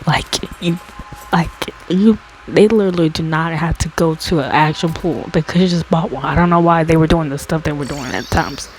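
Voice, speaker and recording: A woman's voice: normal speed, a little mellow, a little hiss or hum, rough recording. Rambling woman telling a storytime. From America. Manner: rambling with many restarts and fillers; exasperated, rises high when complaining. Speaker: storytime host. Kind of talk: casual storytime monologue.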